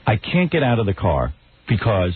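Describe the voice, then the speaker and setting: A man's voice: lowish voice, normal speed, slightly rough. A man hosting a radio talk show, telling a comic story and acting out the quotes in a raised voice. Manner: animated, acts out quotes in raised voice. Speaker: radio host. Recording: tinny phone-like radio broadcast.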